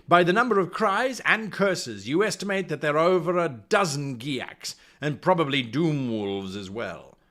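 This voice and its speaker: Male game master, slightly high voice with a lively, rising-and-falling delivery, reading a gamebook and chatting to viewers. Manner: chatty, talks to the stream chat, reads passages aloud. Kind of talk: reading a solo gamebook on a live stream.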